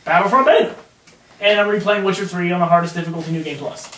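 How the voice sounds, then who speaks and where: Jokey guy with a high voice on a gaming podcast, far off the mic, faint hiss. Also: quick pace, fairly bright tone. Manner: joking, laughs easily. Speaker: podcast co-host. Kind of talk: casual gaming podcast chat. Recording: echoey room, far from mic, faint noise.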